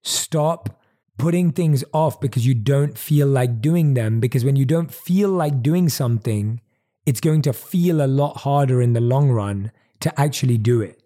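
A man's voice: medium pitch, a little slow, warm tone. A man hosting a podcast in a motivational monologue, earnest and emphatic, repeating key phrases, recorded on a desk microphone. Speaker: podcast host. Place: at his desk.

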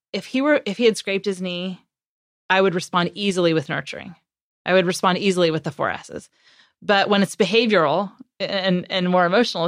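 A woman's voice: on the low side, dry recording, studio quality. A woman guest on a podcast interview, talking casually as a parenting author and acting out the lines she and her kids said. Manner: lively storyteller who acts out what she and her kids said; conversational, with fillers and laughs.

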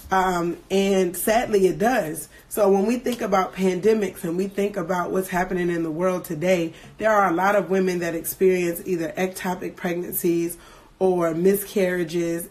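A woman in her thirties, emotional and earnest, candidly telling a personal story to her viewers with many pauses and restarts. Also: fairly low pitch, a little mellow. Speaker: livestream host sharing a personal story.

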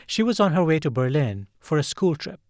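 A male host reads the scripted narration in a calm, even manner. His voice sits a little high for a man. It is recorded close and dry, with no room sound. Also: a little fast, no echo.

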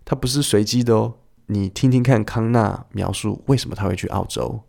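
Gravelly-voiced man teaching English. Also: lowish voice, a little fast, a little mellow. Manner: chatty, playful, acts out short dialogues. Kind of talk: explaining English clips in Mandarin.

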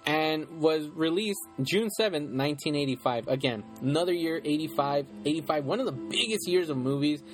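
A man co-hosting a casual movie podcast, rambling and animated and laughing often. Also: medium pitch. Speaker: podcast co-host.

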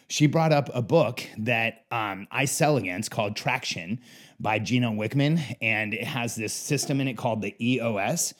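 Candid male business coach telling stories. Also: mid-range voice. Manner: casual, candid, anecdotal. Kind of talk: storytelling monologue.

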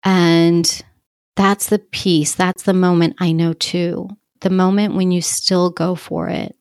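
A woman coach talks through a reflective solo podcast episode with a lower-pitched voice. She is heartfelt and effusive, laughs often and fills her speech with fillers. The sound is dry, with no room echo. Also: level tone, takes it slowly, darkish tone.

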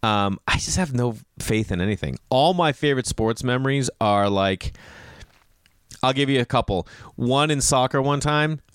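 A man in his thirties from Boston, talking casually as a host answering a listener, jumping into excited outbursts. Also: normal speed, clean tone, no room sound, studio quality. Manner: animated, swings pitch into excited outbursts. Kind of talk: casual rambling monologue.

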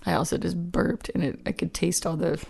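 A woman telling a story in casual chat, animated and giggly, acting out the people she quotes. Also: lowish voice, fairly quick, vocal fry, husky.

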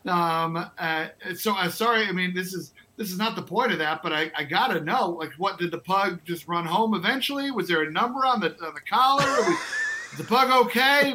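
A man's voice: sits high, bright, forceful tone, slight background noise. A man co-hosting a podcast in casual chat, hesitant and full of fillers, laughing easily. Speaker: podcast co-host.

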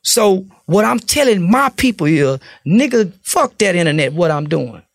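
A man's voice: sits high, sing-song, normal speed, vocal fry, no echo, studio quality. A man from Fort Worth, giving an interview in blunt, profane, preachy street talk. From Fort Worth, Texas. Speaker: interview guest.

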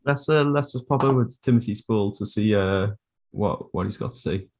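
Brief: man, lowish voice, deadpan podcast co-host bantering. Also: moderate pace.

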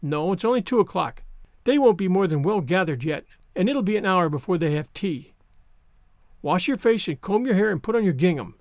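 A male narrator voicing a stern, strict older spinster woman in a storybook reading, brisk and scolding. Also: sits high, lively intonation, no room sound, studio quality.

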